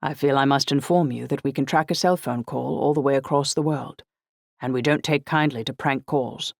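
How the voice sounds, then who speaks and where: A woman voicing a formal, precise older man who speaks in clipped, measured sentences. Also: very deep voice, vocal fry, darkish tone, no room sound, exaggerated voice. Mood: stern. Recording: dry close audiobook recording.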